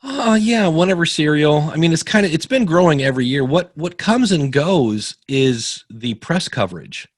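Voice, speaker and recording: Lively storytelling man, very dry sound. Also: a little high, normal speed, few pauses, no echo. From Ohio, USA. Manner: animated, acts out quoted dialogue, many restarts. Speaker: podcast consultant guest. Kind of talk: casual interview storytelling.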